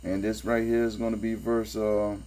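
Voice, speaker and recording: A man speaks in a flat, warm voice at a moderate pace, reading scripture and offering casual critique as he goes. His manner is streetwise, sarcastic and emphatic, and he keeps repeating his points. A low electrical hum sits under the recording.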